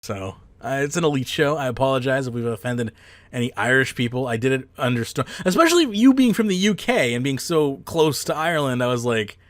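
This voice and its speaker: Rambling podcast host. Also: male voice, medium pitch, big pitch swings, brisk, no echo. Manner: rambling, with fillers and profanity. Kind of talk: casual podcast chat. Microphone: close headset mic.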